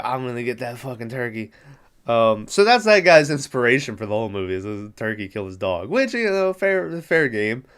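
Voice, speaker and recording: A man's voice: medium pitch, smooth. A man hosting a podcast, recapping a movie in a rambling, profane, amused way. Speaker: podcast host.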